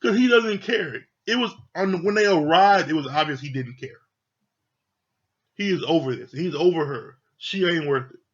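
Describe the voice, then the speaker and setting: A man's voice: a little high, moderate pace, husky. A man giving a casual, heated review of a reality TV show, talking bluntly and swearing freely. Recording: dull lo-fi sound.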